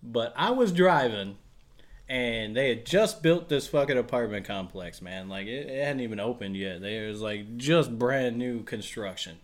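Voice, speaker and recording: A man's voice: medium pitch, expressive, moderate pace. A man co-hosting a casual podcast, telling stories full of swearing and laughter. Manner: profane, laughing storyteller. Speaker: podcast co-host.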